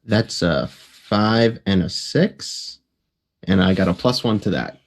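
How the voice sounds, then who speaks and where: A man playing a tabletop game, narrating his character's actions in a halting way with many pauses and fillers. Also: lowish voice.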